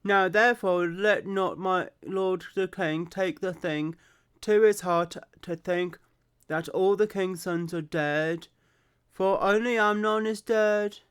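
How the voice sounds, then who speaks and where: A woman voicing a calm, knowing male royal adviser in an exaggerated Birmingham accent. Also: fairly low pitch, slow pace, clean tone. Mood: reassuring.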